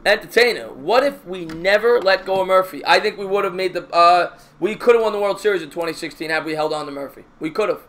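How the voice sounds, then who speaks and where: A man streaming his own baseball play-by-play, calling pitches and chatting with viewers in a jokey, excitable way. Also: fast talker, hardly any pauses. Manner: excitable, raises voice on big hits. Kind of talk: live-stream baseball play-by-play with chat shout-outs.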